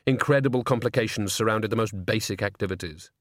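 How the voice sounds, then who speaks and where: A man narrating a comic fantasy audiobook in a measured, even storytelling manner. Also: mid-range voice, dry recording, studio quality. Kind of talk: scripted narration.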